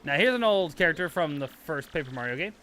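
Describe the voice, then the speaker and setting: Chatty, high-pitched male streamer. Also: animated, fast talker, bright, forceful tone, faint music behind. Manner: chatty, rambling, addresses chat. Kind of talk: casual gameplay commentary.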